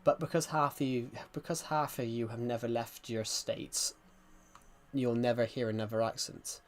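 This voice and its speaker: A man's voice: medium pitch, steady tone, normal speed. Rambling man with a West Country accent. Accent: West Country English. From rural England. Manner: rambling, repeats phrases, keeps addressing viewers as guys. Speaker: streamer. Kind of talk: casual live-stream chat.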